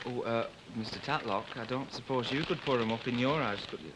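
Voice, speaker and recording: An actor playing a cheeky young chancer with a Northern English accent, speaking in a quick, wheedling way. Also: male voice, medium pitch, close to an everyday voice. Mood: scheming. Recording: noisy old TV recording with crowd.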